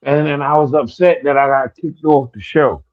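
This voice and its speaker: A man's voice: fairly high pitch, steady tone, moderate pace. A man on a casual podcast, telling a personal story with many stammered restarts. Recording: dull lo-fi sound.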